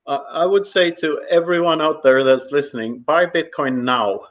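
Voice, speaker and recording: Halting Swedish man, 40s. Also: fairly high pitch, a bit bright. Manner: halting, full of fillers, quick to laugh. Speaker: podcast guest. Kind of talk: casual chat. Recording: muffled lo-fi audio.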